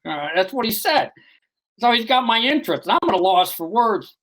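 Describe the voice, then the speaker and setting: A man's voice: high-pitched, sing-song, brisk, fairly bright tone, low-quality recording. A man recounting a personal story as an author guest in an interview, rambling and full of "you know" and restarts.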